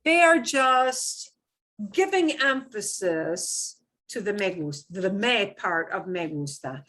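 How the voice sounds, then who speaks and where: A middle-aged woman teaching a beginner Spanish class, modeling phrases slowly and clearly while explaining in English. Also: mid-range voice, expressive, a bit bright. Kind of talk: beginner language lesson.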